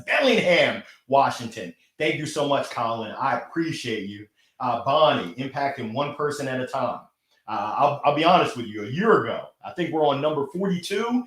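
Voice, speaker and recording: A man's voice: medium pitch, fairly bright tone, reverberant. A man hosting a weekly live motivational stream, upbeat and effusive, thanking viewers by name as he reads their comments.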